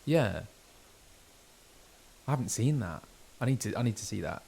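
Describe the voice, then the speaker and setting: Man, voice actor streaming gameplay, casual chatty delivery, lively pitch, gravelly texture. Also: measured pace, pauses often. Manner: chatty, animated, self-interrupting.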